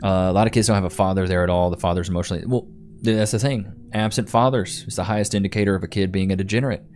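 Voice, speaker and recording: This thirties livestream host has a low voice with fairly even intonation, a little mellow, and he talks rapid-fire over a faint hiss or hum. Laid-back and slangy, he chats casually while answering comments, calling viewers bro and dude.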